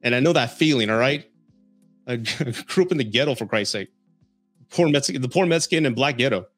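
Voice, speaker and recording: A man's voice: medium pitch, lively intonation, a little fast, fairly bright tone, dry recording, soft background music. Chuckling storyteller man from San Antonio. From San Antonio, Texas, US. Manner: chuckles often while telling stories. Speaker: podcast host. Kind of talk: casual storytelling and dating advice.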